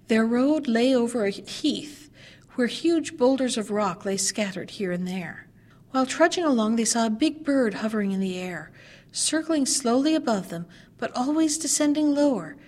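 A woman narrates an old fairy tale at a measured pace, shaping each sentence with care. Her voice sits somewhat high. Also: darkish tone. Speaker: storyteller. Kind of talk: fairy-tale read-aloud.

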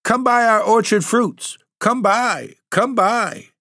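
A man voicing a band of sly goblin men calling out their fruit in shrill, repeated cries, read as a storybook poem. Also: slow, bright, forceful tone, dry recording, clean studio sound, heavily acted.

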